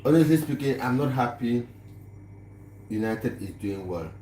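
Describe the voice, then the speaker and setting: In an echoey room with faint noise behind him, a livestream host welcomes his viewers, chatting casually and laughing without effort. He speaks in a mellow, mid-range voice that is expressive and unhurried.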